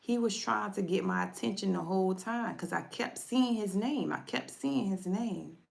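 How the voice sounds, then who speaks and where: Gravelly-voiced woman tarot reader. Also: medium pitch, moderate pace, a little mellow. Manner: chatty, repeats herself, speaks directly to viewers. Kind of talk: casual livestream storytelling.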